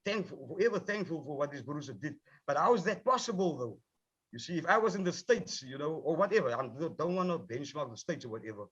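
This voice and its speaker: A man's voice: on the high side, animated, quick pace, a bit bright, slightly rough, lo-fi sound. A man, a rapper on a panel, talking with passion and heat, swearing often and repeating himself. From South Africa. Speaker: rapper, film subject. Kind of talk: heated panel discussion.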